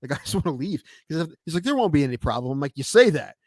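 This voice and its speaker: Fast-talking man telling umpire stories. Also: a little high, no room sound, studio quality. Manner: storytelling, animated quoted voices. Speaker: podcast co-host, baseball umpire. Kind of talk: casual chat.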